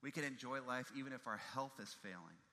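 A man preaching a sermon with a very bright, sharp voice that rings out through a reverberant hall. He tells his stories emphatically and hammers home key phrases by repeating them, his pitch sitting right in the middle range. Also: quick pace. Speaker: pastor.

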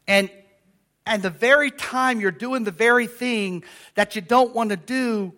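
An older man preaching a sermon as pastor, conversational and lively, calling out questions to the congregation in a church. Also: very high-pitched, measured pace. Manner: lively, conversational preaching with audience call-outs.

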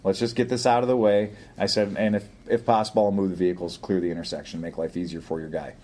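A man's voice: sits low, little pitch movement, fast talker, darkish tone. An older man in casual podcast chat, telling a long story in a rambling way and chuckling often. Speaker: podcast co-host.

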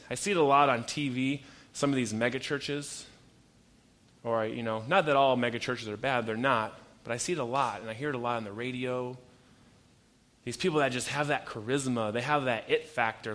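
Young guy preaching, chatty and animated, mid-pitch voice. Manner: conversational, animated storytelling preaching. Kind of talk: sermon.

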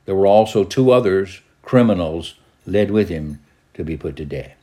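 A man with a fairly low voice reads scripture aloud like a preacher, adding short remarks of his own. He reads dramatically, lifting his pitch and volume when quoting shouts and speeches. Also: lively intonation, moderate pace. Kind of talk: scripture reading with commentary.

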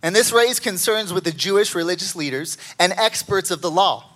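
A man preaching a sermon as a pastor, telling stories with excited jumps in his voice. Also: fairly quick. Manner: animated storytelling with excited pitch jumps.

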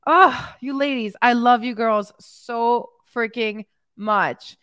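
Taking it slowly, this woman speaks a little high with a clear, resonant, slightly bright tone, in clean studio audio free of room sound. She's a fitness coach and podcast host reading viewer comments on a live stream from home in Mexico, cheering on her clients' wins. Her style is upbeat hype, and she grows openly emotional.

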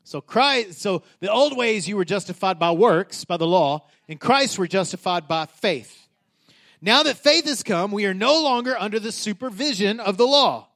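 Middle-aged guy preaching, kinda high voice, chatty then punches big lines. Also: animated, moderate pace, a bit bright. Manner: conversational preaching with rising emphatic peaks. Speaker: pastor. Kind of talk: sermon.

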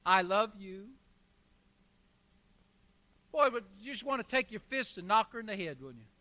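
A man's voice: high-pitched, sing-song, fast, bright, forceful tone. A man preaching a sermon as pastor, emphatic, with rhetorical questions and repeated phrases.

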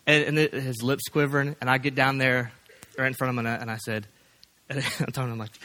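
Man, pastor, sermon, folksy and rambling, mid-pitched, bright tone. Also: steady tone, a little fast. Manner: folksy, rambling, many fillers and restarts. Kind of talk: sermon with casual storytelling.

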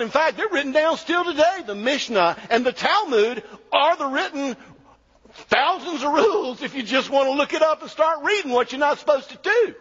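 A man preaching a sermon as pastor, emphatic and animated, sometimes dropping to a low, quiet delivery. His voice is husky. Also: normal speed. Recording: dull sound with long hall reverb.

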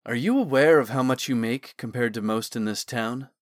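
A man's voice: medium pitch, normal speed, no echo, clean studio sound, close to an everyday voice. A man voicing a playful, protective older brother. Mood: persuasive.

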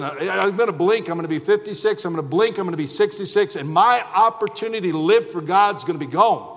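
Fired-up preacher guy in his 40s, high voice, hammering the same lines over and over, big echoey church. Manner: impassioned, emphatic repetition, shouting refrains. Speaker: pastor. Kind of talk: fiery evening sermon. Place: church sanctuary.

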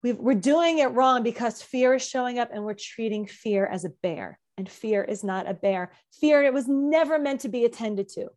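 High-voiced, emphatic woman coach. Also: normal speed, hardly any pauses, a little mellow. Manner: emphatic, repeats key phrases for effect. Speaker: anxiety coach. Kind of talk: podcast conversation.

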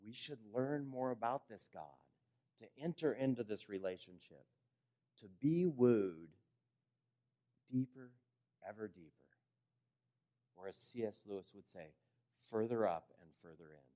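A pastor preaching a sermon. He talks to the congregation conversationally, asks them questions, and moves between emphatic lines and quiet, low endings. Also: expressive, measured pace, long pauses.

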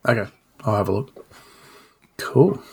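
A man's voice: fairly low pitch, lively intonation, unhurried, darkish tone, breathy edge. A man hosting a casual maker podcast, talking in a loose, rambling way with fillers. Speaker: podcast host.

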